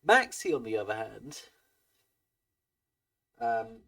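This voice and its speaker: Man, game master, slow, hesitant, animated pitch, far from the mic. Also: vocal fry. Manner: hesitant with many ums. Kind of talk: narrating a tabletop game.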